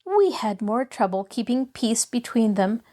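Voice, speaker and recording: A woman's voice: on the high side, very animated, a little slow, dark tone. A woman reading a storybook aloud, voicing an eager, cheerful little girl who chatters on.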